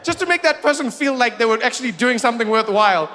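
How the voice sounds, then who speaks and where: A man's voice: very high voice, animated, fast talker, heavy background noise. A man in his forties from South Africa doing stand-up comedy, telling stories with incredulous rising questions.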